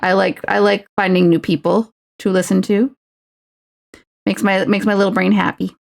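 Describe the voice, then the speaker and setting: A woman's voice: medium pitch, flat delivery, moderate pace, gravelly. Chatty woman rambling with lots of fillers. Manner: rambling, filler-heavy "like" speech; replies to chat messages. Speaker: streamer painting a miniature. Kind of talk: casual chat with viewers.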